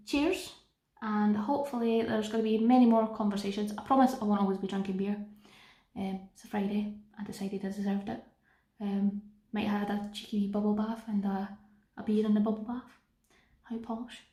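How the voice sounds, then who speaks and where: A woman's voice: mid-range voice, darkish tone. Chatty Scottish woman in an echoey room. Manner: chatty, self-deprecating, jokey asides. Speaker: vlogger. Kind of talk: casual storytelling vlog.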